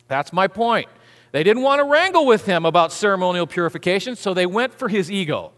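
Animated preacher in a reverberant hall. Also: male voice, sits high, brisk. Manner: animated, acts out biblical figures with humor. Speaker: pastor. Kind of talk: sermon.

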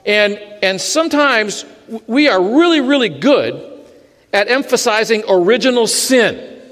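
High-voiced man preaching in a reverberant hall. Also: unhurried. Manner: animated preaching with dry humor. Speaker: pastor. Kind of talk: sermon.

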